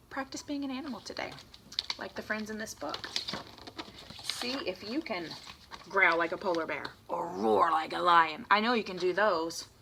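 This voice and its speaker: A woman's voice: mid-range voice, slight background noise, poor audio. Woman reading a picture book to children. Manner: animated, sing-song read-aloud with warm asides to children. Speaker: teacher.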